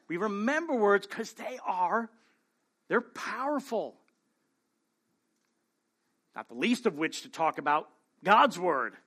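A man's voice: sits high, sharp tone. A male pastor preaching a sermon in an earnest way, often checking in with the congregation by asking "right?". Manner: earnest, keeps adding "right?" to his points.

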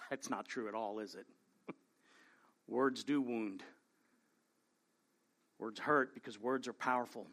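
At medium pitch and a measured pace, with frequent pauses and a slightly bright tone, a male pastor preaches earnestly. Again and again he ends his points with "right?" to check in with his congregation.

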